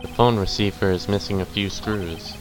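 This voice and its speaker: A man streaming a video game, reading its text aloud in a flat voice with quiet asides of his own. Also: on the low side, normal speed, over music. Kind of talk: casual let's-play narration.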